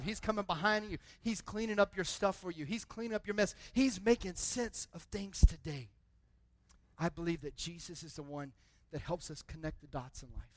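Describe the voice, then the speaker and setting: A man preaching a sermon to his church, building from a quiet, conversational delivery to loud, emphatic passages with lots of repetition. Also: high-pitched, dry recording. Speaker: pastor.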